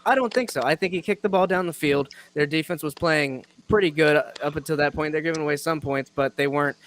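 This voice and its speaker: A man's voice: a little high, a little fast, fairly bright tone. A man hosting a casual sports podcast, rambling, self-mocking and laughing often. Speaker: podcast host.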